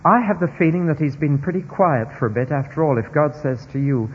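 A man preaching a sermon in an expressive style, now hushed, now emphatic, his voice at a mid pitch. The sound is dull and muffled, with a long reverb tail from a church or large hall. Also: fast talker, hardly any pauses, a little hiss or hum.

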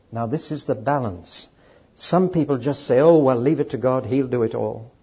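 A man's voice: medium pitch, mellow, slightly rough, dull audio. A man preaching a sermon to a live audience, emphatic and speaking straight to the listeners. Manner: emphatic, addresses audience directly.

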